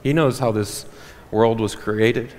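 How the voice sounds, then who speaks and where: A man preaching a sermon as pastor, animated and joking with the congregation. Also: on the low side, slow pace. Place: church hall. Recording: reverberant church hall.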